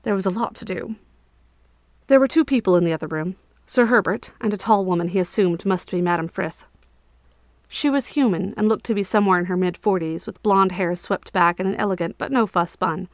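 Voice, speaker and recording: A woman narrating a fantasy story in a steady, expressive audiobook reading. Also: medium pitch, no room sound, clean studio sound.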